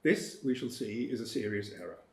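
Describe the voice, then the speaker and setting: A man giving an academic lecture in a measured, precise way, with firm emphasis on key points. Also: lowish voice, expressive. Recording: roomy lecture hall.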